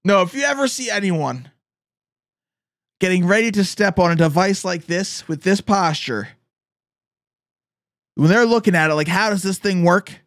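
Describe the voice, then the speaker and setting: A man streaming casual reaction commentary on memes, excitable and loud at times. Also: high-pitched, moderate pace, pauses often, no echo, studio quality. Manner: excitable, shouts and laughs at clips.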